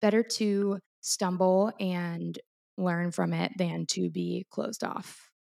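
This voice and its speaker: Gravelly-voiced woman thinking aloud. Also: lowish voice, fairly even intonation, takes it slowly, darkish tone. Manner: reflective, thinks aloud with restarts. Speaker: podcast co-host. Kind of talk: casual chat.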